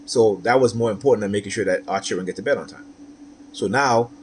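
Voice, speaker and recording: A man's voice: fairly low pitch, quick pace, a little hiss or hum. A man talking straight to camera in a personal monologue, aggrieved and repetitive, tagging his points with "right?". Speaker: vlogger.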